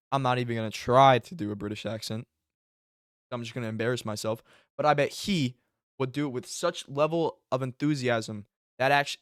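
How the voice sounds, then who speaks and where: A man giving casual reaction commentary on fights, excitable and profane, often bursting into exclamations. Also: medium pitch, no room sound, clean studio sound. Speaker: MMA commentary YouTuber.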